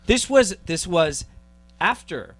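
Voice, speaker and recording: A man's voice: high voice, very animated, slow, fairly bright tone, breathy edge. Brash man telling stories on a podcast. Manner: brash, swearing, storytelling with laughs. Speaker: guest co-host. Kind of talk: casual podcast chat.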